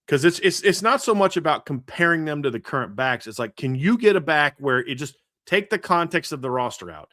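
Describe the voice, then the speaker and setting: A man's voice: a little high, lively intonation, brisk, few pauses, sharp tone, no room sound, clean studio sound. A man in his thirties hosting a casual sports podcast, telling stories animatedly with lots of restarts and fillers. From grew up a Reds fan in the American Midwest. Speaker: podcast host.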